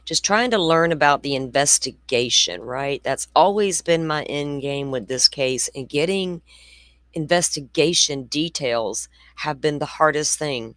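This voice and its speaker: A forties-aged woman who hosts a true crime show speaks with a voice that sits low and has a fairly bright tone, with no room sound. Her casual livestream talk is blunt and chatty, drifting into rambling asides.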